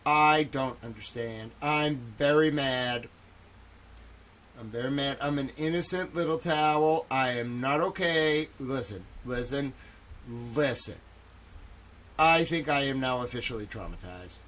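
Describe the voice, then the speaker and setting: A man's voice: mid-range voice, a little slow, a bit bright. A man hosting a live stream as a reporter, distressed and talking into his microphone, repeating phrases and stammering. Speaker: livestream host and reporter. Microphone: studio microphone.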